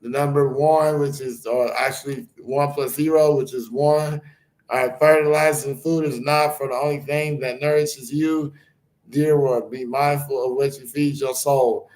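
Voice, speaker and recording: A man's voice: medium pitch, fairly even intonation, measured pace, darkish tone, reverberant, poor audio. A man hosting his own spiritual channel, talking loosely and rambling between card readings and chanted blessings.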